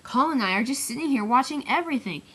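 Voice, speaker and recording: A male dockside crane from a toy-train story speaks in a quick, smug tone, played by a woman narrator. He sounds pleased to have caught someone in the act. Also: high voice, lively intonation, sharp tone, slightly rough, voice pushed up, exaggerated voice.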